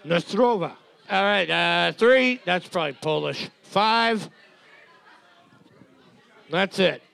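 A man co-hosting a casual comedy podcast, crude and joking with deadpan asides. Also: high voice, slow, creaky, clear, resonant tone, some chatter behind. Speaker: podcast co-host.

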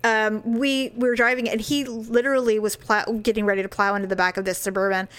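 A woman in her forties, her voice sitting a little high, co-hosts a candid chat show. She tells her stories with animation, swears freely and acts out everyone's lines herself. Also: flat delivery, fast, a bit bright, clean tone. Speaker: podcast co-host.

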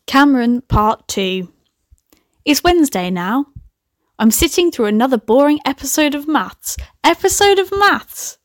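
A young woman, a podcast host, reads aloud a comic story she wrote years ago, often stopping for chatty, giggly asides full of swearing. Her voice is high, expressive and unhurried. The recording is dry and clean, with studio sound.

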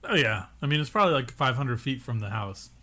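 Bright-voiced joking man recapping a show. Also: mid-range voice. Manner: joking, animated, recaps scenes with quick impressions. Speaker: podcast co-host. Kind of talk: casual recap chat.

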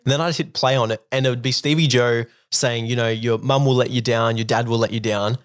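A man's voice: mid-range voice, fairly even intonation, fairly quick, clear, resonant tone. A young man co-hosting a podcast in casual, rambling chat full of fillers and enthusiasm. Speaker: podcast co-host.

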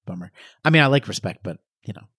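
A man's voice: on the low side, animated, fast talker, a bit bright, dry recording, clean studio sound. A man co-hosting a comedy podcast, telling rambling, self-deprecating stories in casual chat. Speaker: podcast co-host.

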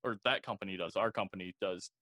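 A man's voice: deep voice, fast talker, pushed and bright, dry recording, studio quality. A young man casually telling a work story as a security guard, blunt and profane, full of "like"s. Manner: profane, blunt, rambling with many "like"s. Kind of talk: casual podcast chat.

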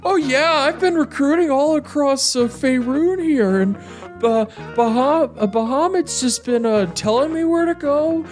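Man doing a high chirpy kobold priest. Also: a little slow, soft background music. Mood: enthusiastic. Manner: chatty, rambling with fillers. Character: male kobold priest, cheerful, upbeat.

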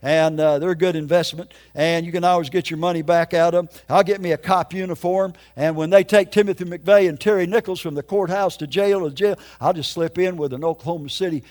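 A man's voice: fairly high pitch, steady tone, a little fast, few pauses, a little mellow. An older man preaching his testimony in an emphatic, folksy storytelling way. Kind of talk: sermon testimony.

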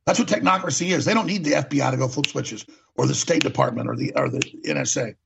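A man's voice: fairly high pitch, lively intonation, quick pace, vocal fry, background noise. A man hosting a talk show, delivering an impassioned political monologue, ranting and repeating words for emphasis, on a dull lo-fi recording.

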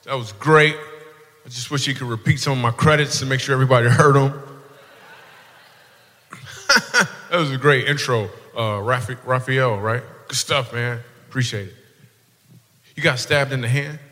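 A man's voice: mid-range voice, normal speed, long pauses, sharp tone. A male stand-up comedian doing crowd work on stage, teasing audience members in a playful way and laughing at his own jokes. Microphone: handheld stage mic. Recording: long hall reverb, faint room noise.

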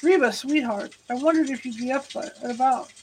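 A woman's voice: sits high, normal speed, a little hiss or hum, lightly acted, poor audio. A woman reading aloud as a churchgoing mother who questions her grown daughter insistently, all in one breath. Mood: eager, prying. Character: prying middle-aged churchgoing mother.

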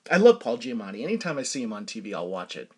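Lively rambling middle-aged man. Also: mid-range voice, a little fast, breathy edge. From Massachusetts, USA. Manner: rambling storytelling with frequent laughs. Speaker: podcast host. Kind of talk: casual solo monologue.

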